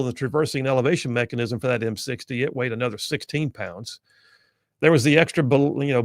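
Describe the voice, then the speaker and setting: A man's voice: medium pitch, dry recording, studio quality. A man hosting a radio talk show, telling a story in an earnest, conversational monologue. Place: radio studio.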